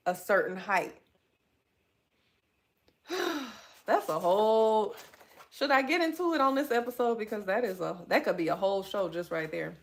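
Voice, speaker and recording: Candid podcast host, woman, animated. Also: fairly low pitch. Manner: candid, animated, conversational, addresses listeners as y'all. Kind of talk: solo podcast talk reading live chat.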